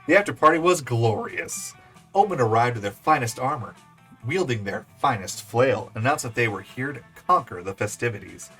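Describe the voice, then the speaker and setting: A man hosting a let's-play, reading game text aloud in an animated, playful way. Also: medium pitch, moderate pace, faint music behind. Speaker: gaming channel host.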